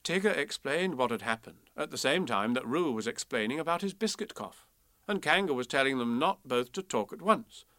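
A man telling a children's story aloud, playful and expressive with a lively rise and fall. His voice is bright and a touch high, recorded close and dry. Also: normal speed, no echo.

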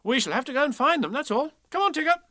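A man voicing a brisk, cheerful young boy in a storybook reading. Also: very high-pitched, sing-song, pushed and bright, no room sound, studio quality, pitched above the performer's own voice, heavily acted. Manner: brisk, take-charge.

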